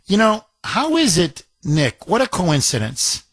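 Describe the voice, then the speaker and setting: A man's voice: sits high, wildly swooping pitch, a little slow, fairly bright tone, dry recording. A man hosting a call-in talk radio show, emphatic and combative, joking with his callers. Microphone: studio microphone.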